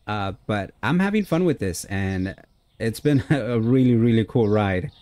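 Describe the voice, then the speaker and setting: A man's voice: fairly low pitch, lively intonation, unhurried, a little mellow, no echo. A man giving friendly, casual let's-play commentary on a simulation game, chatting with his viewers and dropping many "uh" fillers. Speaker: gaming YouTuber.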